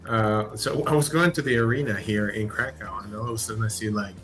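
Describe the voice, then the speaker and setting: A man's voice: on the low side, fairly quick, fairly bright tone, soft background music. A man co-hosting a livestream by remote call, teasing his partner and laughing often as he chats casually.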